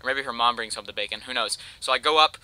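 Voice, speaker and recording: Bright, slangy young Canadian guy telling a story. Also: mid-range voice, quick pace, poor audio. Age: young adult. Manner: rambling, slangy, with lots of "like". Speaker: gameplay commentator. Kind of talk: casual storytelling over gameplay.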